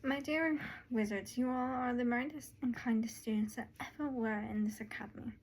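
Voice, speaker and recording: A woman voicing a stately female academy headmistress, with a put-on British-adjacent accent, speaking in a measured, formal way. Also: on the high side, slight background noise, natural voice. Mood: gracious.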